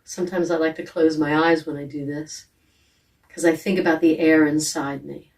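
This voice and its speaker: Female voice coach, gentle guided warm-up, mellow tone, mic at a distance. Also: low voice, normal speed. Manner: calm, gentle, demonstrates sighs, yawns and hums. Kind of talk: guided vocal warm-up instruction.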